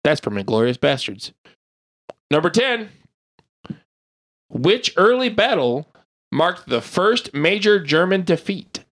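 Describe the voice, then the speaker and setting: A man hosting a casual podcast quiz, reading questions out slowly and joking with the players. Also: on the high side. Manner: reads quiz options slowly, lively and jokey. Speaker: quiz host.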